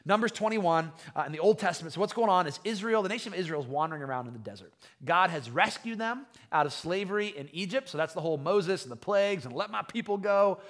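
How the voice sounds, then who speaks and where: A male pastor delivers a sermon in a casual, conversational way, full of quick restarts. His voice sits a little on the high side, and he swings between lively emphasis and quiet asides. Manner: animated, storytelling, frequent restarts.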